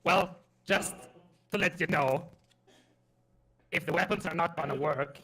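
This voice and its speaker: A man's voice: fairly high pitch, a little slow, pushed and bright, husky. A man with a non-native English accent playing a tabletop game, playful and giggly, grumbling in character. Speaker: player. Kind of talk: tabletop role-play.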